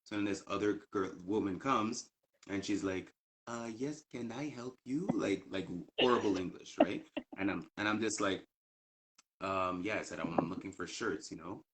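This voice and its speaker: A man from Canada speaks in a fairly low voice. He tells his story earnestly and circles back with fillers and restarts. He leans into points that frustrate him with indignant emphasis. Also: fairly even intonation, moderate pace, heavy background noise. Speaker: guest. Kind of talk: casual chat.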